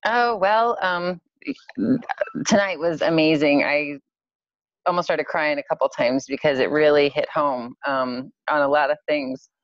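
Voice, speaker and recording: A woman's voice: low-pitched, unhurried, dry recording. A woman calling in to ask a question, hesitant and close to tears, full of fillers. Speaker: caller. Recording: dull dry call audio.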